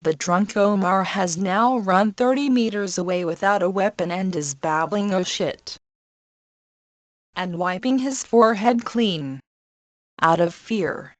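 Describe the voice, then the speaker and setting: Slow, measured woman narrator. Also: medium pitch, no echo. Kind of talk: scripted story narration.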